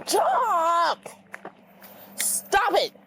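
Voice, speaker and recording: A woman's voice: very high voice, big pitch swings, extremely slow, gravelly, a little hiss or hum, heavily acted. A woman playing an exasperated mother who pleads with and scolds her son in a comedy video. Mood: crying. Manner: pleading, scolding, breaks into crying shouts.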